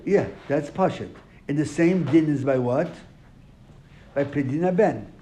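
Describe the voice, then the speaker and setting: A man's voice: fairly high pitch, measured pace, warm tone. A man teaching a classroom lesson, asking his students questions and then answering them. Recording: echoey room, faint noise.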